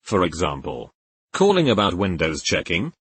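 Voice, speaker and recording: A man narrating Reddit posts aloud in a lively, expressive read with jokey asides. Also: low voice, normal speed, husky.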